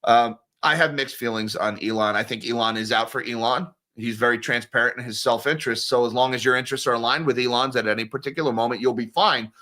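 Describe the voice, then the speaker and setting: A man's voice: medium pitch, fast talker, few pauses, bright, forceful tone. A man hosting a casual livestream, talking bluntly and sarcastically with a sore throat, reading and answering viewer comments. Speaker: host.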